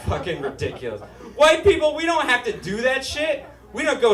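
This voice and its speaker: This Utah comic's very high-pitched voice swings widely at a normal pace, barely pausing. Nasal, whiny, brash, profane and self-mocking, he performs stand-up on a comedy club stage for a live audience, recorded by a distant mic in an echoey room with crowd laughter.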